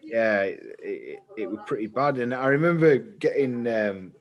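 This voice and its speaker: Guy on a podcast, rambling animated storyteller, laughs a lot, mid-pitched voice. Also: measured pace. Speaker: podcast co-host. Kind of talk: casual chat.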